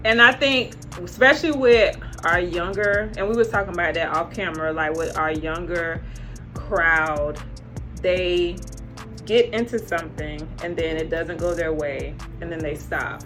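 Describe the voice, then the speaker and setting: A woman's voice: on the low side, a little slow, music in the background. A woman hosting a casual interview, encouraging and affirming her guest. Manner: encouraging, lots of affirming "right". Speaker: interview host.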